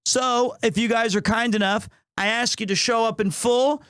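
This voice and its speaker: A male streamer with a high, light voice tells an animated story and drops Japanese phrases into casual banter with his chat. The sound is dry and close, with no room echo around him. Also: normal speed, clear, resonant tone.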